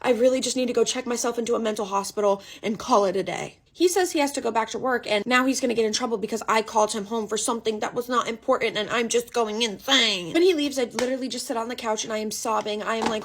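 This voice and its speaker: A woman's voice: fairly high pitch, slightly rough. A young adult woman telling a personal storytime in a dramatic, emphatic way. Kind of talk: storytime narration.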